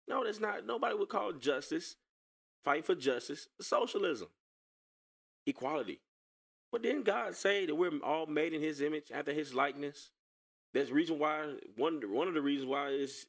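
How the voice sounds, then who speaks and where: A man giving casual reaction commentary on a video clip, sarcastic and animated, often repeating himself as he talks to viewers. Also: medium pitch.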